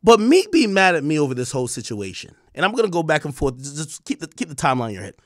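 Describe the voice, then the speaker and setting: Animated ranting male streamer. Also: a little high, fast, no room sound, clean studio sound. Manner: animated, profane, mocking. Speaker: streamer commentator. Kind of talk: ranting commentary.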